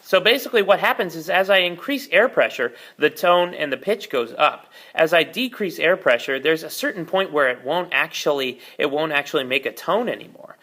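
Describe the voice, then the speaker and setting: Brief: man, fairly high and bright voice, patient music teacher talking into the camera mic. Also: lively intonation, a little fast, hardly any pauses. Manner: patient, explanatory, frequent fillers. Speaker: oboe teacher. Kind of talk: step-by-step music lesson. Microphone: camera mic, repositioned during video.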